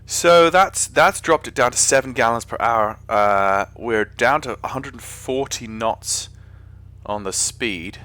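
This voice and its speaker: A man's voice: medium pitch, a little slow, pushed and bright. A man with an English accent chatting casually on a live stream while flying a simulator, rambling and often correcting himself. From England. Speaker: flight sim streamer.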